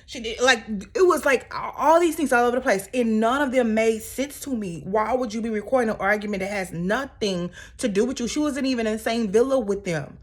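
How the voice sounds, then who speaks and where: A woman's voice: fairly high pitch, normal speed, few pauses. Sassy chatty woman recapping a show. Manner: chatty and sassy, with frequent asides. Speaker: reality TV recap host. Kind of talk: casual episode recap commentary.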